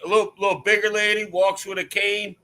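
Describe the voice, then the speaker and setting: Bright-voiced man telling lively stories. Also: sits high, fairly quick, rough recording. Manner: animated storyteller, slangy with dude and bro. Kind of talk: casual chat.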